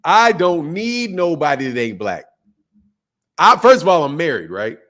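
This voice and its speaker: A man's voice: a little high, big pitch swings, unhurried, fairly bright tone. Brash, swearing man hosting a stream. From United States. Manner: swears freely, boastful and joking. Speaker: boxing channel host. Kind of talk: casual live-stream chat.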